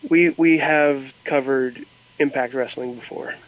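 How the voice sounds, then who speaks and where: A man's voice: mid-range voice, fairly even intonation, unhurried, low-quality recording. A laid-back man joining a wrestling podcast remotely, plugging his videos in casual chat. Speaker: podcast co-host. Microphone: remote call.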